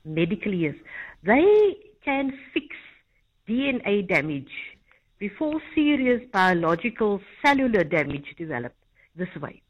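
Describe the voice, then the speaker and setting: A woman's voice: medium pitch, very animated, unhurried, slightly rough. A woman calling in to a radio show, chatty as she quizzes the host. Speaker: caller. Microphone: phone line. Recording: dull phone line.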